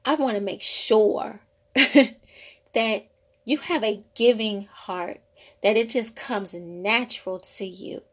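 A woman's voice: medium pitch, slow. A woman in her thirties, a mother of two, talking casually about parenting and faith in a rambling, conversational way. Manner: conversational, rambling, frequent "you know". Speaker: mother sharing parenting thoughts. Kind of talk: casual faith-based monologue.

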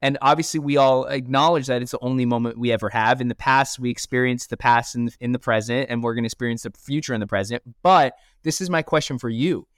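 A man hosting a podcast, chatty and animated, with many fillers. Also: mid-range voice, quick pace, few pauses, dry recording, clean studio sound. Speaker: podcast host. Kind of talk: conversational interview.

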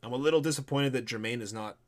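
Animated man chatting about a movie. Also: fast talker. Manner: animated, laughing, drifts into mumbling lows. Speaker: podcast co-host. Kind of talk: casual movie review chat.

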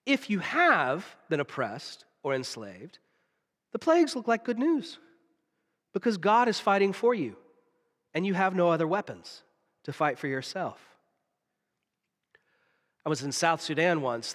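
A man from the preaching a sermon, telling stories with dramatic pauses and drops to a hush. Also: a little high. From Southern United States. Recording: long reverb of a large hall.

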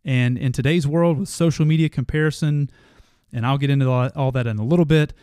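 A man's voice: mid-range voice, a little fast, mellow, clear, resonant tone, dry recording, studio quality. A man in his thirties hosting a motivational podcast, telling a family story in an earnest way that grows passionate. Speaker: podcast host.

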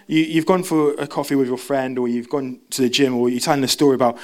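A young man gives a relaxed sermon in a church. His talk is chatty and full of restarts. He jumps into a higher voice when he plays out the people in his stories. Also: fast, hardly any pauses. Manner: chatty, self-interrupting, acts out quotes in a high voice. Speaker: preacher. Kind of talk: casual sermon.

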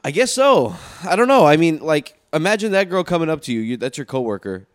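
A man's voice: fairly high pitch, sing-song, brisk. A young man in casual, profane chat, telling stories and laughing.

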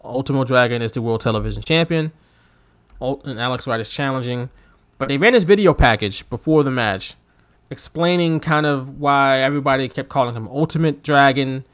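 Co-hosting a casual wrestling podcast, a man with a mid-range voice talks fairly quickly. He's an animated storyteller who laughs often and acts out quotes.

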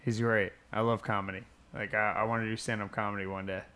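A man's voice: on the low side, fast talker, smooth. A man chatting casually, telling a story full of swearing and acted-out quotes. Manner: profane, animated storyteller who acts out quotes.

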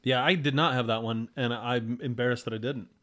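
A man co-hosting a podcast in relaxed chat. His voice sits at an ordinary mid pitch. He speaks haltingly, restarts often, and is gently self-deprecating. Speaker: podcast co-host. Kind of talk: casual chat.

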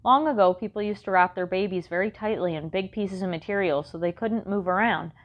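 A woman voicing a patient mother who explains slowly, a little exasperated, in an audiobook. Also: medium pitch, muffled recording, natural voice. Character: patient mother reading scripture, mildly exasperated. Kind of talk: audiobook character voice.

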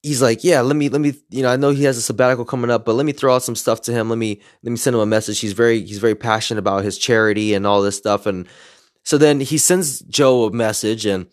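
A man tells a story in a casual, excited way, jumping into the voices of the people he quotes. He has a middle-pitched voice, recorded close and dry with no room sound. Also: fast talker, no echo. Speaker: podcaster telling a story.

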